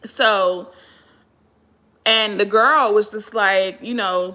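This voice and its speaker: A woman's voice: mid-range voice, very slow, pauses often. A woman from Pennsylvania giving casual, exasperated commentary on a livestream and greeting viewers as she talks. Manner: animated, exasperated, greets viewers mid-rant. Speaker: livestream host.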